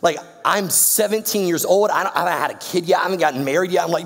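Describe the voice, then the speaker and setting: A man's voice: sits high, quick pace, creaky, big-room sound. A young man from Georgia, telling a slangy, playful story to a youth audience. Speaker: youth speaker.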